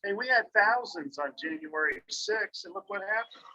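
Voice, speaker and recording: A man's voice: high-pitched, animated, moderate pace, gravelly, pushed and bright, highs cut off. A man in the audience making blunt remarks during a lecture. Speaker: audience member.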